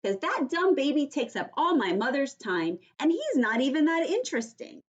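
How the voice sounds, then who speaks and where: Woman doing a shrill, yelling little girl. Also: sing-song, moderate pace, muffled recording. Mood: whiny. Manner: yelling, whiny and dramatic. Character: loud, impatient little girl. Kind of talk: read-aloud storybook voice.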